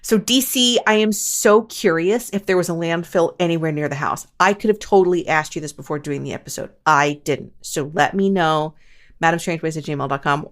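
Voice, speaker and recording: A woman hosting a paranormal podcast, chatting casually and making self-mocking asides to listeners. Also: lowish voice. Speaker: podcast host. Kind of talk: casual podcast chat and reading news quotes.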